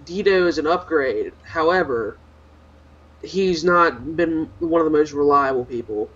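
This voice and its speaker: A man's voice: a little high, unhurried, fairly bright tone. Opinionated man on lo-fi podcast audio. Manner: rambling, many restarts, opinionated. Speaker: podcast co-host. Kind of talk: casual gaming podcast chat.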